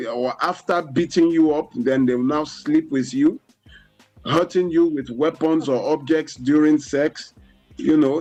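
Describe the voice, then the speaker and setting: A man with a Nigerian English accent speaks as a guest on a studio radio talk show. His voice sits somewhat high for a man, and he explains at a measured pace, leaning on "you know" as he goes. Soft music plays faintly underneath. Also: muffled recording.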